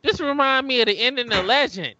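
A man's voice: extremely high pitch, animated, fast talker, sharp tone, slight background noise. A man co-hosting a casual movie commentary chat, blunt, profane and scoffing, on slightly dull lo-fi audio. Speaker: podcast co-host.

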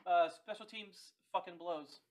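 A young man co-hosting a sports podcast, talking in animated, profane casual chat and laughing often. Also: high-pitched, measured pace. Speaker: podcast co-host.

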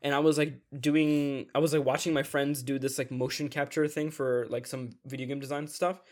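A young man co-hosting a podcast in casual chat, animated and fond of acting out other people's lines. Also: a little fast. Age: young adult. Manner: animated, acts out quoted people in high voices. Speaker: podcast co-host.

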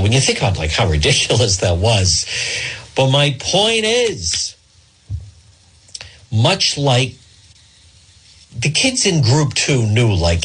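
A middle-aged man from Rhode Island holds forth on talk radio, his voice slightly husky as he wanders from one tangent to the next. His pitch rises and falls in a lively way as he tells a story. He drifts off the point and keeps circling back to it. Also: low-quality recording. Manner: rambling, digressive storyteller. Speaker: radio talk show host.

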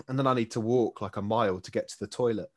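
A man's voice: on the low side, fairly even intonation, fast talker, a little mellow. A young man, a podcast guest talking enthusiastically, with frequent laughter and fillers. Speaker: guest, jousting performer. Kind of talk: casual chat.

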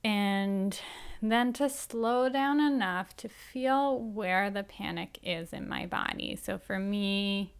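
A woman hosting a talk show, speaking in a candid, self-reflective personal monologue with a gentle, soothing manner. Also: medium pitch, slow pace, gravelly, smooth.

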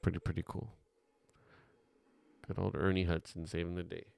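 A man's voice: deep voice, level tone, moderate pace, creaky, darkish tone. A man giving a casual, rambling film commentary as host, offhand and swearing now and then.

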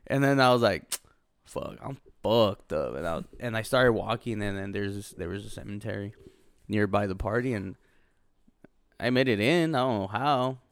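A young man telling a profane, animated story in casual podcast chat, often laughing as he talks. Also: fairly low pitch, normal speed, clear, resonant tone, no echo. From Los Angeles. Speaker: podcast co-host.

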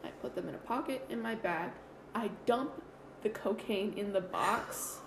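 Young woman playing a tabletop game. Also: mid-range voice. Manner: deliberate, talks through her actions step by step. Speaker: player. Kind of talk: casual tabletop game play. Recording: echoey room with faint noise.

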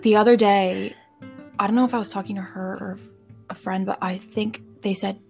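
A woman's voice: medium pitch, steady tone, normal speed, gravelly, darkish tone, soft background music. A young woman co-hosting a casual podcast, telling stories with a slight stutter on some words. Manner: giggly, chatty storyteller with a slight stutter on m-words. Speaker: podcast co-host.

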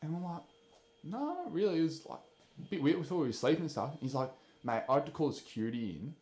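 A man's voice: a little high, fast talker, roomy sound. A young Australian man hosting a podcast, telling stories in casual, swearing chat. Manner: animated, swearing storyteller. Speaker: podcast host.

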